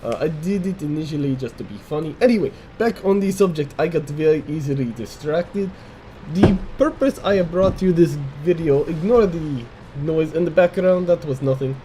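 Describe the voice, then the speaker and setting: A man's voice: a little high, normal speed, mellow, slight background noise, rough recording. An American man commentating a game replay in a put-on Russian accent, speaking in stiff, formal phrasing without contractions and often restarting his sentences. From United States. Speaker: gameplay commentator.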